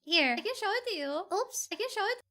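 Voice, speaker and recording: A woman streaming a game, reacting in an excitable, gushing way and teasing herself. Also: very high-pitched, quick pace. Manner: excitable, gushing, self-deprecating. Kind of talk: live game stream commentary.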